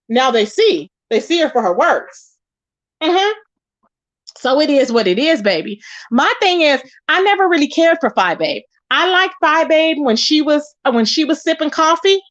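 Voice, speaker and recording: Sassy woman talking her mess to the viewers, high voice that swings all over, kinda dull lo-fi sound. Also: a bit bright. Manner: sassy, emphatic, addresses viewers as y'all. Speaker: YouTube commentary host. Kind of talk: casual drama commentary chat.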